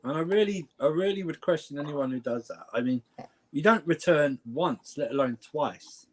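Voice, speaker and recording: A man's voice: fairly high pitch, moderate pace. A man on a casual football stream panel, arguing emphatically and repeating himself in exasperation. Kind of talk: heated casual football banter.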